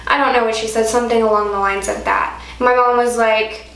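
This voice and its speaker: Brief: young woman vlogger from Alaska, slightly high and gravelly, chatty story-time, echoey room. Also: steady tone, a little fast, few pauses, fairly bright tone. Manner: chatty, heavy use of "like". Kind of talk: casual story-time monologue.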